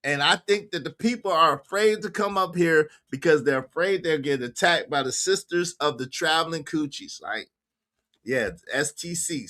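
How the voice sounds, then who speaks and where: A man hosting a casual livestream chat, bantering loudly and giving shout-outs to viewers. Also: mid-range voice. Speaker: livestream show host.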